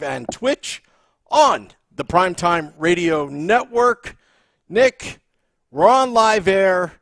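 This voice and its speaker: A man's voice: sits high, a bit bright. A man hosting a live sports podcast with a playful showman delivery. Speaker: podcast host.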